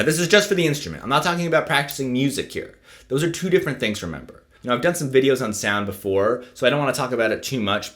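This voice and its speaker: A mid-range male voice explains his practice routine in a relaxed, casual saxophone lesson video. He keeps checking in with the viewer by asking "right?"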